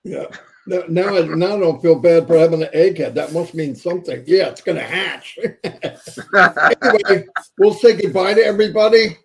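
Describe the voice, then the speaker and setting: A man's voice: high voice, moderate pace, vocal fry, poor audio. A man hosting a live stream, signing off with upbeat motivational urging. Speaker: host.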